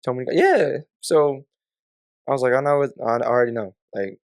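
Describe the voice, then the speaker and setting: A man's voice: mid-range voice, lively intonation, a little fast. A man on a podcast telling a casual, profane story in a laid-back way, often breaking into laughter. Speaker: podcast guest.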